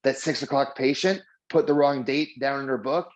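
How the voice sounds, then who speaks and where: A man's voice: medium pitch, normal speed, poor audio. A man teaching a casual mindfulness lesson, chatty and full of fillers, acting out the voices in his stories. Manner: chatty storytelling with many fillers; acts out dialogue with lively voices. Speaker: mindfulness trainer.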